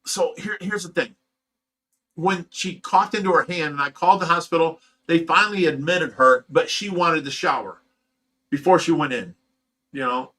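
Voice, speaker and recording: A man's voice: on the high side, moderate pace, bright, forceful tone. Man telling a raw, rambling personal story. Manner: raw, rambling, emotional retelling. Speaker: host of a fish rescue channel.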